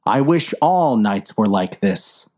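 A woman's voice: rumbling low, animated, slow pace, dark tone, pitched below the performer's own voice, full character voice. Woman doing a plodding, earnest sailor sidekick. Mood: worried.

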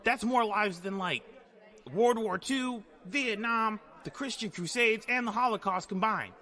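A man's voice: high-pitched, a little slow, background noise. A man doing a rambling old president. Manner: folksy, meandering, mumbled asides. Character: rambling elderly male president.

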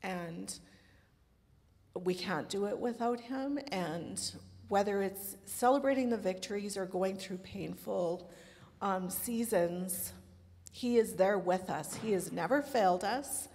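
A woman sharing her faith on a church panel, speaking earnestly with soft laughs. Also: medium pitch, slow, creaky, big-room sound. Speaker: panelist mother.

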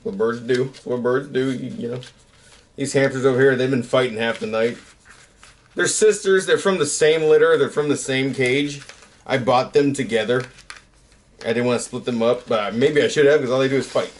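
A man in his thirties talks through things in a loose, rambling way at an ordinary mid pitch. He pokes fun at himself and lets his sentences trail off, like a relaxed late-night vlog chat. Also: moderate pace. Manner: rambling, self-mocking, trails off. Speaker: YouTuber.

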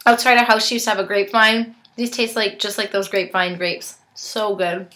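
A woman's voice: mid-range voice, flat delivery, fairly quick, pushed and bright. A young woman reviewing snacks in a casual unboxing vlog, chatting and tasting as she goes, sometimes talking with her mouth full. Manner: chatty, talks while chewing.

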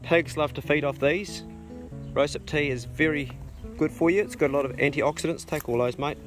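A middle-aged man with a slightly high voice chats bluntly as he walks around his farm, showing the camera things. He sounds relaxed and easygoing and swears offhandedly. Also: normal speed, soft background music. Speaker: farm owner and channel host. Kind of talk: casual outdoor vlog chat. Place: outdoors on a rural farm property.

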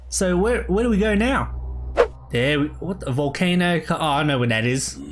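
A man's voice: fairly high pitch, animated, normal speed, noisy background. A man giving easygoing let's play commentary, laughing often and calling everyone bro. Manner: laid-back, calls everyone bro, laughs a lot. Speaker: gamer. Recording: game music behind. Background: game music.

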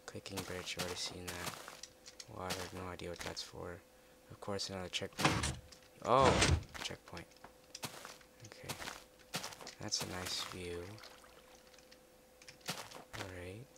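A man giving casual commentary while playing a game, chatty and muttering to himself, with excitable outbursts. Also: low-pitched, unhurried, vocal fry, pauses often. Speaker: let's play gamer. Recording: loud background noise with keyboard typing.

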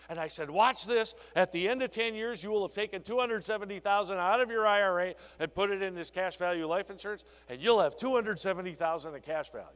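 A man giving a conference keynote on sales, telling an animated story that acts out a conversation with a client. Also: high-pitched, a little fast, big-room sound. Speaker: sales trainer. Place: conference hall.

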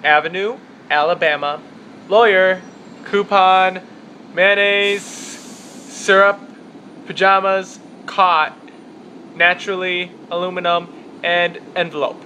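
A young man with a Chicago accent talks casually in his apartment, rambling and a bit self-deprecating. His voice sits fairly high and sounds bright and forward. A faint hum runs underneath. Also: fairly even intonation, slow, pauses often. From Chicago area, US. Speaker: vlogger. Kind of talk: casual accent-tag vlog. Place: apartment room with window open.

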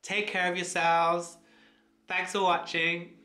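A man excitedly reacting to a dance video, gushing with frequent oohs and exclamations. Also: sits high, takes it slowly. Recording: echoey room with music underneath. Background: music playing.

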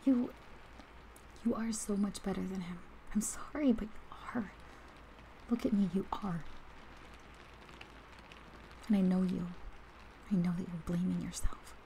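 A woman doing a loyal, protective best friend, gravelly and warm. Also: mid-range voice, fairly even intonation, measured pace, long pauses, slight background noise, rough recording. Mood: gentle, comforting. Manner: heated then tender, talks straight to the listener. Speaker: ASMR role-play performer. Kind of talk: whispered role-play.

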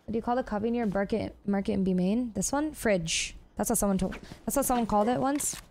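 A woman with a Canadian accent, streaming a game and making quick, clipped tactical callouts to her teammates over a headset. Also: mid-range voice, darkish tone. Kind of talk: fast tactical callouts while gaming. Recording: noisy game-stream audio.

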